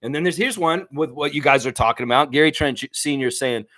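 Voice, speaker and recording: Male host, casual live-stream banter, quick laughs, easygoing. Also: a little high, fairly bright tone. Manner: chatty, laughs often, sings snippets, many fillers. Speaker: sports livestream host. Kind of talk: casual live chat reading viewer comments.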